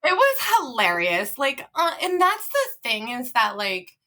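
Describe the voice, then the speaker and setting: A young woman in her twenties with a slightly slow, higher-pitched voice guests on a podcast, telling a funny story in casual conversation. She's animated, laughs often, and acts out what people said.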